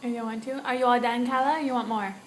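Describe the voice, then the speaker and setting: A young woman at home, a mother coaxing her toddler to talk in slow, sing-song baby talk with soft laughs. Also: on the high side, steady tone, background noise.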